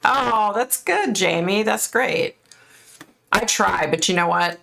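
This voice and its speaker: Her mid-range voice is creaky, bright and forceful, and she takes it slowly. She's a middle-aged American psychic host reading comments on a live stream in casual chat, laughing often and thanking viewers by name while overheated and sweating.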